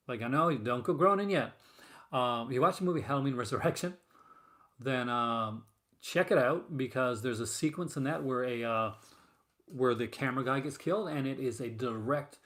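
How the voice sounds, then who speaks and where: A fairly bright tone and medium pitch mark this man's voice as he hosts a casual stream about horror film collecting. He chats with viewers in a rambling way, often restarting and using fillers.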